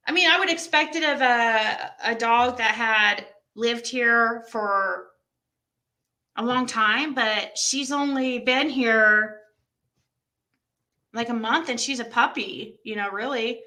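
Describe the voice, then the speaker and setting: A young woman hosting a livestream, telling a story in casual chat and reacting to comments with animated exclamations. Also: on the high side, takes it slowly. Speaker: livestream host.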